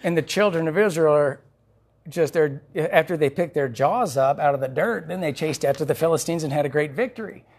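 Slightly husky preaching man. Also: on the high side, fairly quick. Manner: animated storytelling with chuckles. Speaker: pastor. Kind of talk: sermon.

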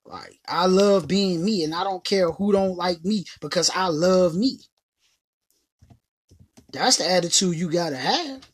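Husky-voiced woman giving an emphatic pep talk. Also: on the low side, measured pace. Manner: emphatic, repeats phrases, slangy and conversational. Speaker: motivational podcast host. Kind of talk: casual motivational talk.

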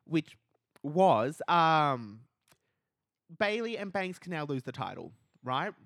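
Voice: mid-range voice, slow pace, no room sound, studio quality. A podcast co-host in casual chat who swears freely, laughs often and acts out quotes. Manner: animated, acts out quotes in raised voice. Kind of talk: casual wrestling recap chat.

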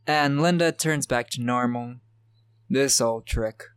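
Taking his time, a man with a clean mid-range tone casually retells a horror movie's plot point by point on a podcast he co-hosts, laughing frequently. The recording is dry, with clean studio sound.

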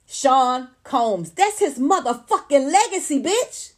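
Speaking slowly in a high voice with lively intonation, a woman livestream commentator goes on an unscripted rant. She's blunt, emphatic and profane, addressing her viewers and the chat head-on.

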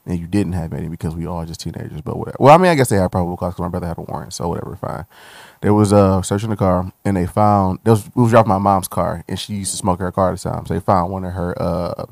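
A young man with a low, gravelly voice tells a personal story in candid podcast conversation. He talks loosely and swears freely. His voice rises and grows heated when he replays moments of anger. The sound is close and dry. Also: fast, no room sound. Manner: loose, profane, animated when retelling anger. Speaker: guest.

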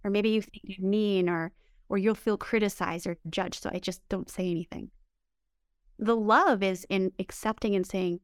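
A spiritual healing coach appearing as a guest answers interview questions in an emphatic, upbeat way, often repeating words for stress. Her medium-pitched voice is clear and resonant with fairly even intonation at normal speed, recorded in a studio with no room sound.

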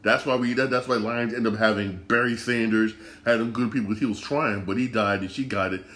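A man's voice: lowish voice, steady tone, brisk, fairly bright tone. Frustrated man ranting in an echoey room. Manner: frustrated, repetitive, stammering restarts. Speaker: sports podcast host. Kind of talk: casual sports rant.

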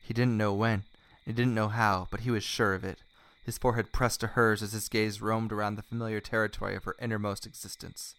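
A man reading a romance story aloud in a hushed, mock-earnest way. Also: on the low side, little pitch movement, brisk, few pauses. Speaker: reader of a fan story.

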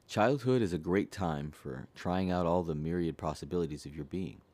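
Reading a self-help book aloud, a man with an extremely deep, low voice speaks at normal speed, steady and earnest. He puts each question straight to the listener, and the recording is dry.

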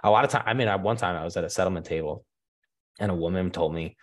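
Low-voiced man telling a laughing story. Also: fast. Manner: loose, laughing storyteller with many fillers. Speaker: guest. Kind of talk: casual storytelling.

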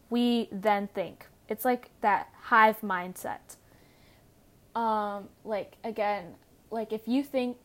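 A young woman in her teens, telling her own story in a casual, rambling way, with many fillers and restarts. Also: medium pitch. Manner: rambling, self-correcting, frequent fillers. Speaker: podcast host.

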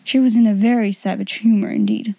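A woman's voice: medium pitch, steady tone, a little fast, vocal fry, mellow, dry recording. A woman hosting an audiobook podcast, chatting casually and reading a children's novel aloud. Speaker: audiobook podcast host and reader.

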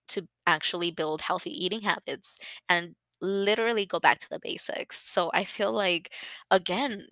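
A young woman speaks in a candid solo monologue, frank and profane, sharing personal feelings openly. Her voice sits slightly low but sounds bright and clear. The recording is dry and close, with no room sound. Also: dry recording. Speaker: podcast host.

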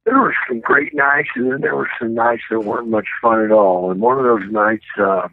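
Gravelly older man on a phone line. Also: medium pitch, moderate pace, no room sound. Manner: rambling, animated anecdotes with acted-out voices. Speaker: guest, former pro wrestler. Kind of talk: casual storytelling by phone.

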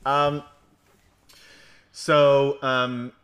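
Bright-voiced rambling male game master. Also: medium pitch, little pitch movement, drawn-out words. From New York. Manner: joking, rambling, many fillers. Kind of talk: livestream recap and banter.

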